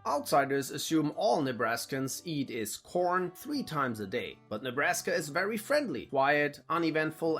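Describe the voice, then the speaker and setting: A man from Germany hosting his channel, giving a wry scripted narration that rattles through stereotypes. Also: a little high. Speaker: channel host.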